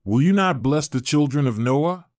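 A man's voice: on the high side, lively intonation, normal speed, a little mellow, no room sound, studio quality, pitched above the performer's own voice, close to an everyday voice. A man voicing the prophet Enoch in a scripture reading, pleading earnestly with God.

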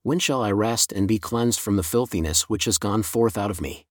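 A man's voice: lowish voice, moderate pace, dry recording, studio quality, lightly acted. A man reading as the weary, mourning mother Earth. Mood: mournful. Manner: lamenting, solemn reading.

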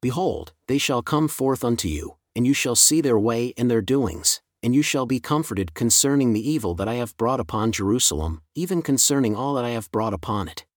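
A man reads scripture aloud at a measured, steady pace, easing off on the solemn refrains. His voice sits at an ordinary middle pitch. The sound is close and dry, with no room around it. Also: no echo. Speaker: Bible reader. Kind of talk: scripture reading.

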